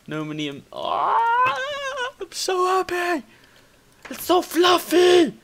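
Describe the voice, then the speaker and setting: Excitable man squealing over gameplay. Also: a little hiss or hum. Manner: excitable, thinks aloud, swears, bursts into high squeals. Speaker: gaming video host. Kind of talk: casual gameplay commentary.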